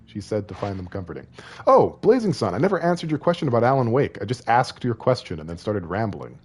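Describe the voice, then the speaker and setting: Male streamer, low voice, lively melody, playful rambling chat with viewers. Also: fast, husky. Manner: rambling and playful, talking to chat and reading game text aloud. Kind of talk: casual live-stream chat while playing.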